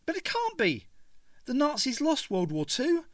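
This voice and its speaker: A cheeky, spirited young woman, as a male reader puts her on, her voice pitched well up and bouncing lively. The sound is dry and close. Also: a little slow, no echo, exaggerated voice. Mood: eager.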